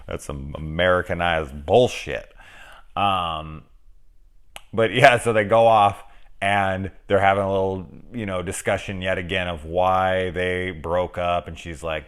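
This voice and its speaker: A man's voice: sits low, normal speed, a bit bright. A man reviewing a film in casual, rambling, joking chat, swearing freely. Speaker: movie reviewer.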